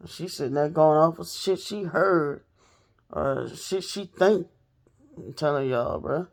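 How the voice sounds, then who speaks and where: A woman's voice: low-pitched, slow pace. A woman telling a personal story straight to her viewers in a casual, blunt, profane way. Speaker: storytelling vlogger.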